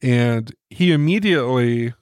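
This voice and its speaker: A man's voice: medium pitch, animated, a little slow, darkish tone, clean tone, dry recording, studio quality. A man co-hosting a podcast, telling a rambling casual anecdote and acting out the quotes of the people in it. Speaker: podcast co-host. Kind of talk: casual storytelling.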